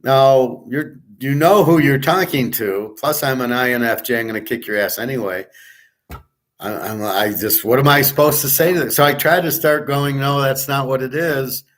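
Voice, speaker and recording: A man's voice: mid-range voice, moderate pace, a bit bright. A man hosting his own daily online class, telling a story in a blunt, profane and exasperated ranting monologue.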